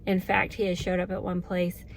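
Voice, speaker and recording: Speaking at a moderate pace in a fairly low, gravelly monotone, a middle-aged woman vlogs to her viewers over a little hiss or hum. Her casual talk to camera is sincere and heartfelt, with occasional emotional moments.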